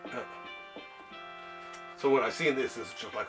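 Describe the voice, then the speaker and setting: A man's voice: mid-range voice, unhurried, music in the background. Chatty man rambling about comic books. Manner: rambling, laughs often, many restarts. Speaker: show host. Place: home library room.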